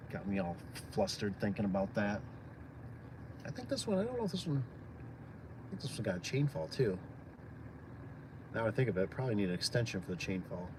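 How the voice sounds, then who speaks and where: A man's voice: low-pitched, noisy background. A man from Michigan chatting casually on a live stream, rambling and friendly with lots of fillers. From Michigan, USA. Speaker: small business owner live-streaming.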